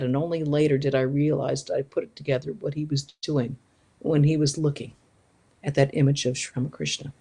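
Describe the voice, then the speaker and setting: Animated woman telling spiritual stories. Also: deep voice. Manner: animated, acts out quoted dialogue, frequent restarts. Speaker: spiritual teacher. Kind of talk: storytelling spiritual talk.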